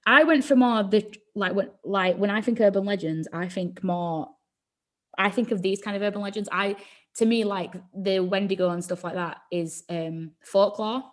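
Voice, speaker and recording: A woman's voice: mid-range voice, moderate pace. A woman co-hosting a podcast, telling a story in casual, rambling chat, swearing freely and filling with "like". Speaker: podcast co-host.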